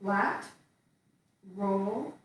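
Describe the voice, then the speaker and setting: A woman teaching a qigong form, calmly cueing each step as she moves through it. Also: medium pitch, drawn-out words, a little hiss or hum. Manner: calm step-by-step cueing while moving. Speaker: qigong instructor. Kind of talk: guided movement class. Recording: echoey room from far off.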